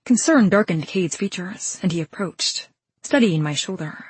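Husky-voiced woman narrating an audiobook. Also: on the low side, animated, no room sound. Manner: brisk and dramatic, sharp outbursts in action. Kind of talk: first-person audiobook narration.

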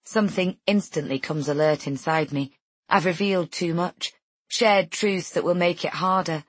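A woman narrating a first-person novel in a measured, intimate way. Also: on the low side, slightly rough, dry recording. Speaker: audiobook narrator.

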